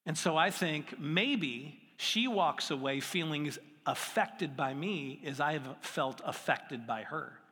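A man's voice: on the high side, expressive, slow, few pauses, pushed and bright, breathy edge. A middle-aged man preaching a sermon in a conversational, self-deprecating way with playful asides. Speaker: pastor. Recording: long hall reverb with faint music.

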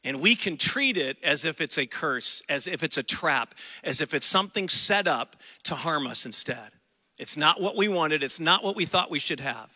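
A man delivers a sermon in an emphatic preaching manner, slowing down for dramatic weight. His voice sits high for a man and rings very bright. The sound is dry, with no room echo. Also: expressive. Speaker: pastor.

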